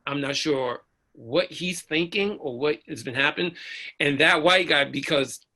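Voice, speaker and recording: A man speaks with a gravelly, rough-edged voice and a bright, forceful tone. He tells his own story earnestly and with animation, slipping into the voices of the people in it. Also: a little high, measured pace. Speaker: preacher and uniformed officer. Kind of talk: personal storytelling in a panel discussion.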